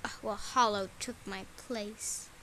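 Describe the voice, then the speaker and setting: A woman hosting a gacha role-play, making quiet, puzzled asides. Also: medium pitch, fairly even intonation, slow pace. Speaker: role-play channel host.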